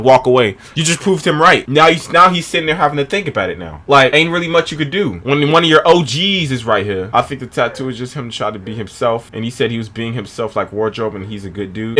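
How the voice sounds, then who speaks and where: A man hosting a reaction video, commenting casually and questioning what he watches. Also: medium pitch. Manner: animated, questioning, talks back at the clip.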